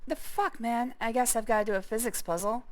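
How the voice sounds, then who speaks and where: A woman's voice: on the high side, fairly even intonation, fairly quick. Swearing woman streamer thinking aloud. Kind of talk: casual gameplay commentary.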